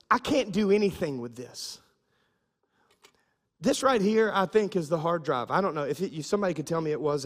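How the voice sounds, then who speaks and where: A male pastor delivering a sermon, joking and conversational at times, then building into fervent preaching. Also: on the high side. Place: church sanctuary. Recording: long hall reverb.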